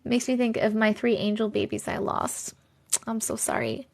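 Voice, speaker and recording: A woman's voice: a little high, little pitch movement, normal speed, creaky, a little mellow. A woman hosting a livestream, chatting casually and reading viewer stories aloud, chatty and effusive as she reacts to the chat.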